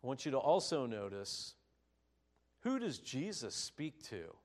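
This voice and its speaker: A man preaching a sermon, telling stories with animated, rising emphasis. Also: medium pitch, unhurried. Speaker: pastor.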